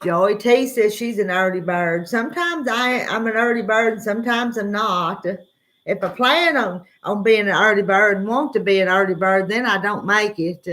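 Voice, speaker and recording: A woman hosts an early-morning livestream in a Southern US accent, her medium-pitched, fairly bright voice at a normal speed. She rambles casually and relaxedly, saying hi to viewers by name.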